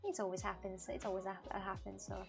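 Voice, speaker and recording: A woman's voice: mid-range voice, fairly even intonation, fast talker, gravelly, a little mellow, faint music behind. A woman streamer chatting casually with her live chat, laughing often and restarting her sentences. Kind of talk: casual IRL livestream chat.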